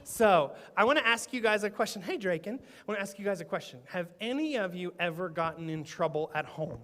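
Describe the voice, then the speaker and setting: High-voiced man teasing kids. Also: animated, brisk, fairly bright tone. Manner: playful, teasing, talks to kids. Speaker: children's pastor. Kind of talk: children's sermon. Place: church sanctuary. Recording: echoey church sanctuary.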